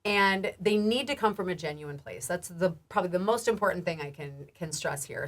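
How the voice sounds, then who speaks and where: A woman health educator giving a recorded training lecture, casual and chatty with frequent laughs, restarts, and a rising lilt at the ends of phrases. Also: fairly low pitch. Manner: casual, warm, laughs often, many restarts and fillers.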